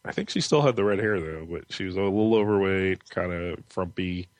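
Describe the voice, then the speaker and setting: A man's voice: deep voice, a little fast, no echo. A man co-hosting a casual chat about TV and comics, enthusiastic and laughing as he talks. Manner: enthusiastic, laughs while talking. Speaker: podcast co-host.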